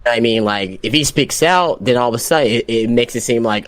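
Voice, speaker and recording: A man's voice: mid-range voice, fast talker, few pauses, dry recording. A man chatting casually on a wrestling podcast, rambling with lots of fillers and asking for agreement. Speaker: podcast guest.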